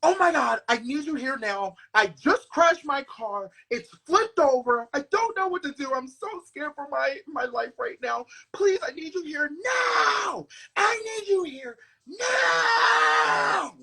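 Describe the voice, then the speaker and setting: A man putting on the voice of a frantic friend who has just crashed his car, crying and shouting for help. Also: very high-pitched, expressive, slow, vocal fry, hardly any pauses, voice pushed up, full character voice, poor audio. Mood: panicked crying.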